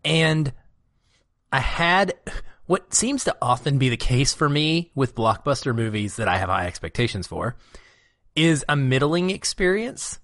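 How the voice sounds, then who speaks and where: A man's voice: mid-range voice, animated, unhurried, a bit bright, dry recording, clean studio sound. A man co-hosting a film podcast, talking through his reactions in a casual, reflective way. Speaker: podcast co-host.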